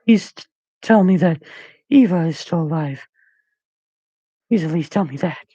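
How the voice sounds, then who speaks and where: A man voicing an anxious, pleading teenage boy who keeps breaking toward tears, in a strained high voice. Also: measured pace, gravelly, darkish tone, no echo, muffled recording. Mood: tearful.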